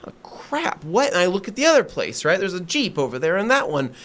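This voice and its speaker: A man with a slightly raised pitch tells a story on a podcast in a loose, chatty way. He leans into it, acting out every quoted line with lively emphasis. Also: fast talker. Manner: animated, acts out quoted dialogue. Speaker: podcast co-host. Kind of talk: casual storytelling.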